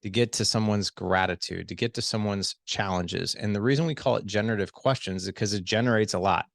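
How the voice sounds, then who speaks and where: A middle-aged man with a low, gravelly voice, talking as a podcast guest. He coaches in a lively, conversational way and slips into acted-out dialogue. The sound is close and dry, with no room around it. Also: brisk, no echo. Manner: animated, acts out quoted dialogue. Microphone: studio headset.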